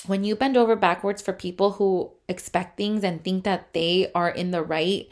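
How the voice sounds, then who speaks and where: A woman's voice: on the low side, steady tone, moderate pace. Woman venting in a profane photographer rant. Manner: profane, heated venting with many fillers. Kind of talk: casual storytime rant.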